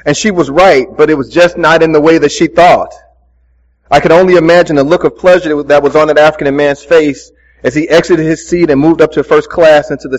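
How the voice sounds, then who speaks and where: Man, pastor, sermon, earnest storytelling, fairly high voice, muffled lo-fi recording. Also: long reverb tail. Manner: earnest storytelling preacher, conversational asides.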